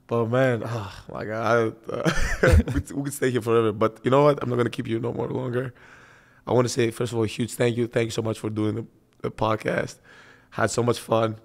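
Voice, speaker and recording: A man hosting a podcast, chatting casually with lively, stammering restarts. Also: mid-range voice, fairly quick, gravelly. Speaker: podcast host.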